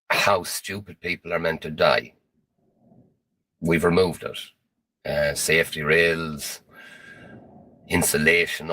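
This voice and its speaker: Brief: low-voiced man, slow and grave conspiracy monologue, dry sound. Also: pushed and bright, no echo.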